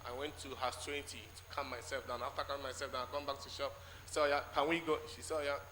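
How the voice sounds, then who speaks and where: A man's voice: mid-range voice, little pitch movement, sharp tone. Nigerian man giving an echoey church testimony. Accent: Nigerian English. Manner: halting storytelling, acting out quoted exchanges. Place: large church hall. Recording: echoey church hall with faint noise.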